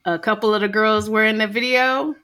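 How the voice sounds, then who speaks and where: A woman's voice: mid-range voice, fairly even intonation, brisk, bright, forceful tone. A woman co-hosting a podcast, chatting casually and telling stories with a laugh. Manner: chatty, storytelling, laughs along. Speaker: podcast co-host. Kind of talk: casual chat.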